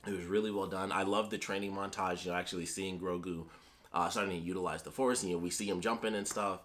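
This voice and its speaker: A man with a fairly low voice reviews a show in loose, casual talk. He rambles, trails off and restarts, and he swears now and then when he gets worked up. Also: steady tone, quick pace, a bit bright. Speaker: YouTube reviewer.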